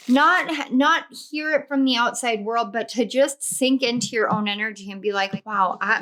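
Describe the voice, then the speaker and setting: A woman with a fairly high voice gives a casual tarot reading to camera. She gushes with affection and circles back to the same encouragements again and again. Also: a bit bright, a little hiss or hum. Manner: effusive, affectionate, repeats encouragements. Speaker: tarot reader.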